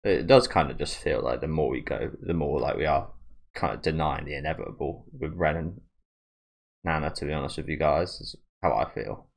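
A man with a rumbling low voice and vocal fry speaks at a moderate pace. He hosts a channel reacting to a manga, talking casually in a rambling, self-deprecating way with many fillers and restarts.

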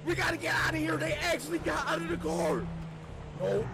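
A man giving excited commentary as he plays a horror game, loud and jumpy, shouting in fright and speaking in casual slang. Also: very high voice, a little fast, creaky, very noisy. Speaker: gamer playing a horror game.

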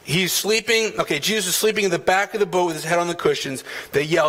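A man's voice: sits high, fast, fairly bright tone. A man preaching a sermon as pastor, emphatic, dropping in "man" and acting out quotes from scripture. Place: church sanctuary.

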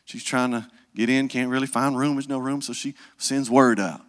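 A man's voice: medium pitch, steady tone, normal speed, hardly any pauses, big-room sound. A man, preaching a sermon in a conversational storytelling manner and often asking "right?". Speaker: pastor.

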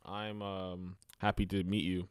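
A man's voice: sits low, level tone, measured pace. A young man hosting random video chats, teasing strangers in a playful way. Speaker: video chat host. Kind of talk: prank video chat. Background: music.

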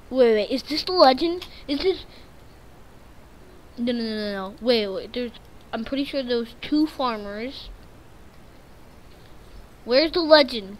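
A woman's voice: on the high side, a little hiss or hum. Jittery woman narrating a spooky game. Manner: jittery, repeats words in nervous strings; breaks into sudden frightened shrieks. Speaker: gaming channel host. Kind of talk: live gameplay commentary.

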